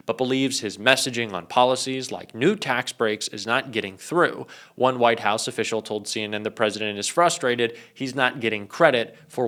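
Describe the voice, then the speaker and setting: Young guy ranting politics, bright punchy voice, fired up. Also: medium pitch. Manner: indignant, emphatic. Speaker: political commentator. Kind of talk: political commentary.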